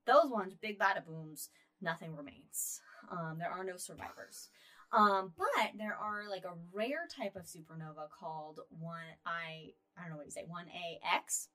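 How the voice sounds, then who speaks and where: A woman co-hosting a podcast, chatting casually about astronomy news with lots of ums and uhs and a loudness that rises and falls. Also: fairly low pitch, moderate pace. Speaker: podcast co-host.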